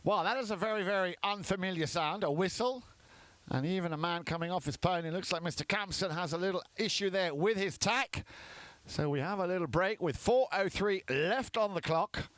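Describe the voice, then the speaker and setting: A man giving chatty live commentary on a polo match, lifting in excitement at goals. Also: high voice, moderate pace, no echo.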